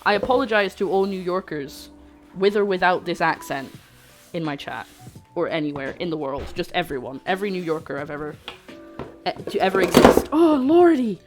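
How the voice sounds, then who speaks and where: A woman's voice: on the low side, a little fast. A woman hosting a cooking livestream, chatting playfully with her viewers as she works. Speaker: cooking stream host. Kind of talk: casual livestream chat while cooking. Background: faint background music.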